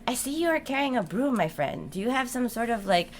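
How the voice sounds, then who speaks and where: A woman's voice: fairly high pitch, very animated, brisk, slight background noise, pitched above the performer's own voice. A woman quoting a judgmental, nosy male travel companion in a dry, formal, teasing way. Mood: judging.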